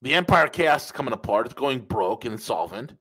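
Male podcast host, emphatic opinion commentary, repeats his points, mid pitch. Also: sing-song, brisk, a bit bright, poor audio. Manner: emphatic, repeats phrases, addresses listeners as folks.

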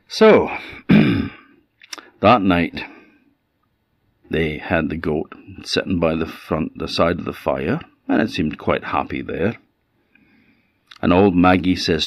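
A man with an Orcadian Scottish accent telling a folk tale in a relaxed, conversational way. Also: rumbling low, slow pace, long pauses, no echo, clean studio sound. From Orkney, Scotland. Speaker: storyteller. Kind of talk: oral folk storytelling.

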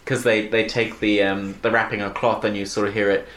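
A woman's voice: very deep voice, level tone, fairly quick, roomy sound. A woman hosting a podcast, casually recapping a film with many ums and frequent laughs. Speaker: podcast host.

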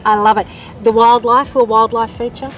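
A woman's voice: a little high, level tone, normal speed, distant mic, rough recording. An Australian woman interviewing guests in a friendly, joking way with frequent laughs. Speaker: entertainment interviewer. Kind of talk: casual interview chat.

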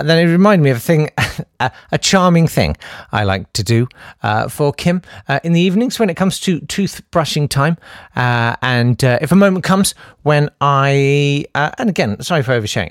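A man's voice: medium pitch, no echo, clean studio sound. A man hosting a comedy radio show, rambling and self-mocking, hesitant with many uhs. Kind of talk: rambling comic chat.

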